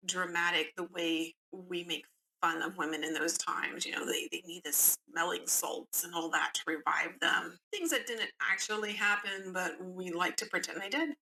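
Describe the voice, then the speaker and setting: A Southern-accented woman hosts a true-crime reading, breaking off for chatty asides to her listeners. Her voice sits lowish, and her tone is conversational and casual. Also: pushed and bright, a little hiss or hum. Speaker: podcast host.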